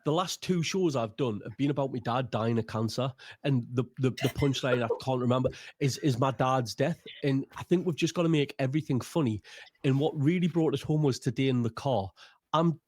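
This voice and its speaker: A man with a Geordie accent, a stand-up comedian chatting as a podcast guest and telling stories with sweary, dark humour. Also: mid-range voice, a little fast. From North East England. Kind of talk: casual podcast chat.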